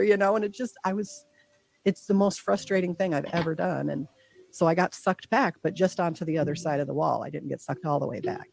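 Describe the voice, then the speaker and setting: A woman guest earnestly recounting a deeply personal experience, acting out her own thoughts in quotes. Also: brisk, gravelly, a little mellow. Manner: earnest, heartfelt. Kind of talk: personal storytelling.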